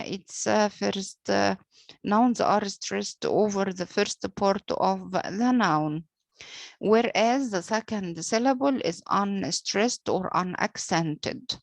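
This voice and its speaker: A woman whose first language is Arabic teaches English poetry meter at a very slow, deliberate pace. She pauses often with "uh" and follows British pronunciation. Her voice is recorded dry and close, with no room echo. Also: mid-range voice. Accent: British-leaning English pronunciation. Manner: slow and deliberate, frequent "uh" pauses, spells out letters. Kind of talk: slow explanatory lecture.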